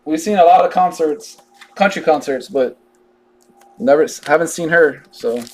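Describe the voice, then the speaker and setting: A man with a fairly high voice talks through a live card break. His delivery is casual and drawling, full of joking asides between the cards he reads out. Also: normal speed. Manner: chatty, drawling, jokey asides while reading out cards.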